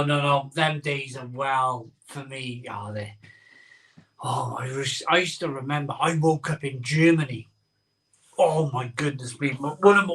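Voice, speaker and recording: A man's voice: fairly high pitch, a bit bright, recorded from a distance. A man hosting a live beer-drinking show, telling a rambling story in casual chat and repeating his phrases as he goes.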